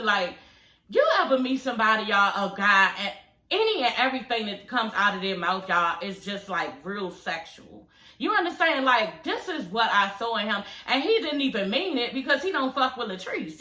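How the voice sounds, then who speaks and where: Young woman recap vlogger, sassy and blunt, fairly high, bright voice. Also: expressive, moderate pace. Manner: sassy and blunt, swears freely, laughs often, many "you know what I'm saying" tags. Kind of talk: casual recap rant. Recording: echoey room.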